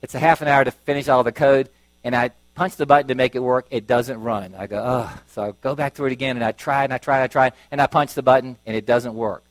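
A man's voice: mid-range voice, quick pace, dry recording, poor audio. A middle-aged man preaching a sermon, telling stories and acting out voices as he goes. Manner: storytelling, acting out voices with lively shifts.

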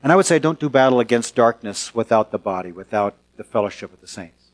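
An earnest male pastor preaching to his congregation. His voice sits at an ordinary middle pitch, and he presses each point with emphatic repetition, drawing some phrases out slowly and rushing others. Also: lively intonation. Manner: earnest, emphatic, varies pace for effect. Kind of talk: sermon. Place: church sanctuary.

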